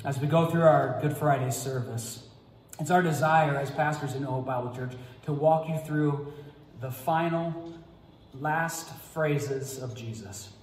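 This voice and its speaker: A man preaching as pastor in a Good Friday sermon, reading scripture in a slow, measured, solemn way. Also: a little high. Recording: echoey church hall reverb.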